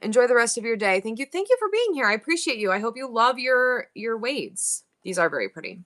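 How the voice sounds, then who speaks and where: A middle-aged woman from upstate New York hosts a live online sale, chatting fast and nonstop with her viewers. Her voice sits a little high and sounds bright and forceful. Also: sing-song. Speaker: online auction seller. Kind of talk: live-stream selling chat.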